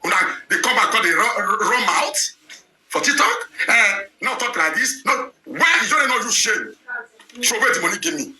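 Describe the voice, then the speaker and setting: A man's voice: sits high, lively intonation, moderate pace, bright, forceful tone, reverberant. A man speaking with a Nigerian Pidgin accent, ranting heatedly as a show presenter and firing off rhetorical questions. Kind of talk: heated live talk.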